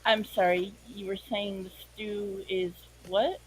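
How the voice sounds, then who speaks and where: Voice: medium pitch, little pitch movement, slow, background noise. A player speaking in character with polite, hesitant questions. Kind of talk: in-character tabletop play.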